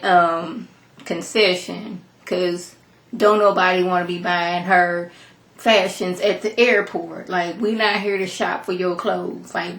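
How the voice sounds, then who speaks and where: A young woman reviews a TV drama in a chatty, sassy way, piling on animated asides. Her voice has a gravelly fry at mid pitch, and the room around her echoes. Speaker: TV episode reviewer. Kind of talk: casual recap commentary.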